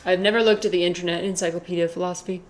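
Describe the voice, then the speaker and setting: Chatty woman streamer, slightly low voice. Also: fairly even intonation, rapid-fire, soft background music. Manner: rambling, chatty, reading chat and answering. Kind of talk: casual livestream chat while gaming.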